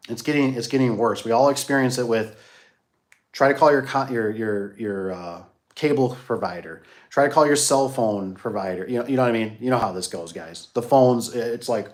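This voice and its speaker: A man's voice: mid-range voice, moderate pace, darkish tone. Rambling, folksy garage door guy. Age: adult, grew up locally. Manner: rambling, repeats himself, folksy asides. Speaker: garage door business owner. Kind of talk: casual rambling monologue to viewers.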